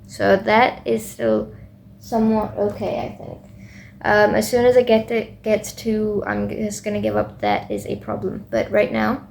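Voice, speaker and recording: Late at night and tired, this young adult student rambles to herself in a video diary, leaning heavily on fillers. She has a mid-range, darkish voice with vocal fry, and a bit of hiss or hum is audible.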